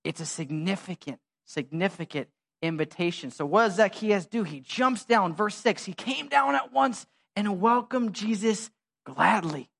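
A pastor preaching a sermon in a conversational, animated way, full of slang and asides. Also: male voice, high-pitched, a little slow, creaky. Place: church.

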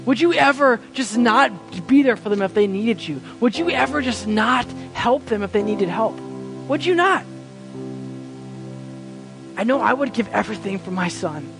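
Impassioned high-voiced male pastor preaching. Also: expressive, moderate pace, gravelly, over music. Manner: impassioned, swings from loud to hushed. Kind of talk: sermon.

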